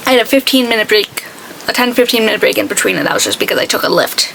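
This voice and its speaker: A woman beauty vlogger chats casually while doing her makeup, her mid-range voice very fast, gravelly, and a bit bright. She tells stories and acts out what other people said, on a rough recording with a little hiss or hum.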